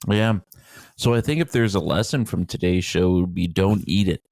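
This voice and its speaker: A man's voice: low voice, normal speed, gravelly, a little mellow, no room sound, studio quality. A man co-hosting a podcast, laid-back and chatty, mostly giving short agreeing replies. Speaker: podcast co-host. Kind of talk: casual conversation.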